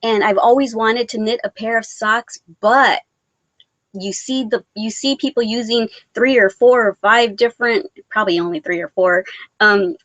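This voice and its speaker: A woman's voice: a little high, moderate pace, fairly bright tone, dry recording. A woman hosting a casual live-stream chat, reading viewer comments aloud, chatty and rambling, laughing often. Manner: rambling with many restarts and fillers.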